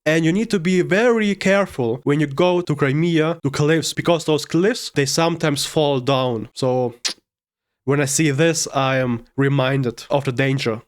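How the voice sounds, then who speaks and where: A man's voice: a little high, unhurried. A man with a German accent, chatting casually as he reacts to a video and thinks aloud. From Germany and Ukraine.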